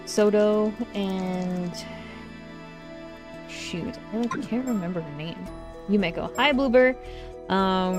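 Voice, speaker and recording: Chatty young woman streamer. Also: mid-range voice. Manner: chatty, relaxed, with fillers and self-corrections. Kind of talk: casual livestream game commentary.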